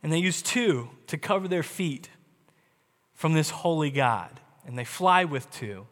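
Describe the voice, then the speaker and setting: A man preaching a sermon, emphatic, slowing down on key words and speeding through asides. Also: a little high, animated, fairly bright tone. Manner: emphatic, varies pace, slow deliberate stresses with quick asides. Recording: long hall reverb.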